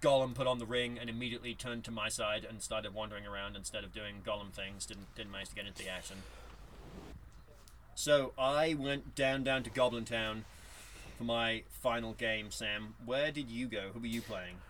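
A man co-hosting a podcast, telling a tabletop game story in a lively, animated way. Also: fairly low pitch, normal speed, a little hiss or hum, poor audio. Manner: animated storyteller, acts out dice moments. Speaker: podcast co-host. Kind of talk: casual chat recapping a tabletop game.

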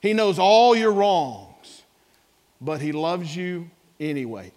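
A man preaching to his congregation in a notably high voice. He drops to soft asides, then climbs into shouted exclamations and calls for responses. The sound rings with a long reverb. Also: expressive, takes it slowly. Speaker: pastor. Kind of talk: sermon.

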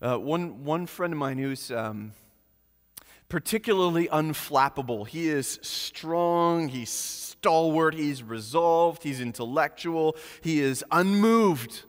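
A man preaching a sermon as pastor, earnest, slowing and softening on key phrases. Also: on the high side, expressive, long reverb tail.

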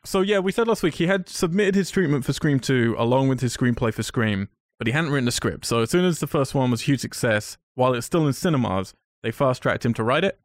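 A man in casual film chat, keen and rambling, often restarting his sentences. His voice sits at an ordinary middle pitch. The recording is dry and close, with no room sound. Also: animated, brisk, hardly any pauses, no room sound. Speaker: podcast co-host.

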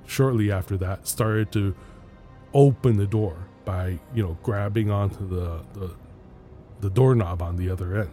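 A man with a low, dark, mellow voice recounts an eerie experience in casual podcast chat. He talks in hesitant bursts and breaks into small laughs, with faint music underneath. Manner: rambling, hesitant, laughs between lines. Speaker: podcast host telling a story.

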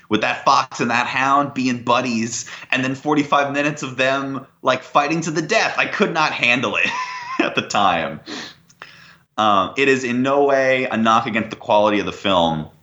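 Man, wistful and hesitant, bright tense tone, muffled echoey recording. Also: mid-range voice. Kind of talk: casual spoken recollection.

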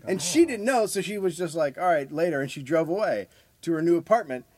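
A man in his thirties, a podcast host, telling a profane, animated story in casual chat. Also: fairly high pitch, a little fast, slightly rough, no echo.

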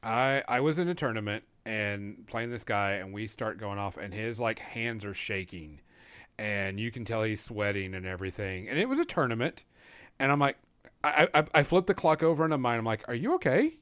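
A man's voice: fairly low pitch, normal speed, a bit bright, clear, resonant tone, dry recording. A man co-hosting a podcast, chatting casually and swearing as he tells game stories full of quoted dialogue. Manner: swearing, storytelling with acted-out quotes. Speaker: podcast co-host. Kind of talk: casual chat.

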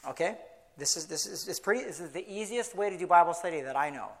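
A man preaching in church, earnest, often restarting, slowing down to stress key words. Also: high voice, animated. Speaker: pastor. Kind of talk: sermon.

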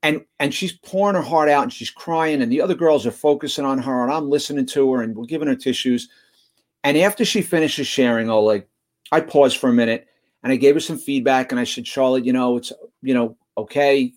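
A man's voice: mid-range voice, fairly quick. Earnest man telling a story. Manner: earnest, stumbling restarts. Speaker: guest, motivational school speaker. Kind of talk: storytelling in conversation.

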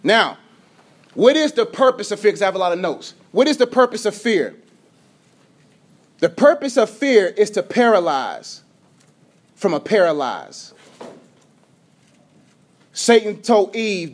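A man preaching a sermon as a pastor, energetic, dropping from loud to hushed, sometimes stuttering and tripping over his words. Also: sits high, measured pace, long pauses.

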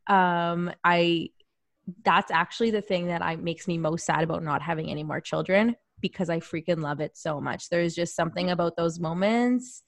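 A woman in her thirties telling a personal story in casual chat, animated and self-deprecating, laughing often. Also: lowish voice, moderate pace, dry recording.

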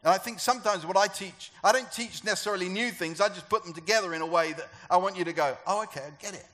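High-voiced man preaching to a congregation. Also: fast talker, a bit bright. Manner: conversational preaching with rhetorical questions to the congregation. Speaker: pastor. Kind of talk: sermon.

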